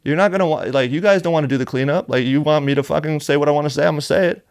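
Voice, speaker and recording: Talking very fast with fairly even intonation, this fairly high-voiced male rapper trades stories as a podcast guest in a casual interview. He's heated, blunt and swears constantly, and the podcast-studio recording is dry and clean.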